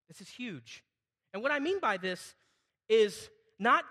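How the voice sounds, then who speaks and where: A man in middle age preaching to his congregation with a high, bright, ringing voice. He talks animatedly, throws questions at the room and acts out people's words loudly. The sound carries a long hall reverb. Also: lively intonation, a little fast. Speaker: pastor. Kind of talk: sermon.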